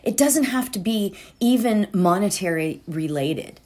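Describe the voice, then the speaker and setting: Woman meditation host, slow and rambling, pitch moving up and down a lot, heartfelt casual talk. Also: animated, a little mellow. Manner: rambling and heartfelt, with many fillers and restarts. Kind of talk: casual spiritual talk before a guided meditation.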